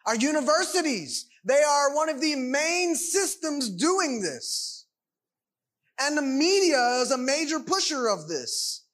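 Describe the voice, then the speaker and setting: High-voiced preacher. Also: male voice, sing-song, slow, a bit bright. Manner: emphatic, piles up rhetorical questions. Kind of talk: sermon.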